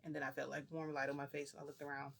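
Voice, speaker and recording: Rambling excitable storyteller, voice sex unclear. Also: medium pitch, rapid-fire, gravelly. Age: adult, parent. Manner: rambling, excitable, many fillers and restarts. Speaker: vlogger. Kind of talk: casual storytime.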